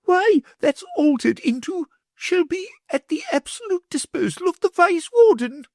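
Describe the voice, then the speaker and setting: A man voicing a silly, greedy noblewoman who adores intrigue, in a shrill, gushing voice. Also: big pitch swings, normal speed, a little mellow, no room sound, studio quality, exaggerated voice.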